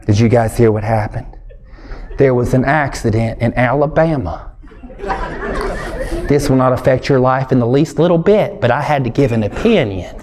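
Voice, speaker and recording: A young man doing stand-up comedy, animated and quick to jump into loud, high shouted bits. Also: some chatter behind, low-quality recording.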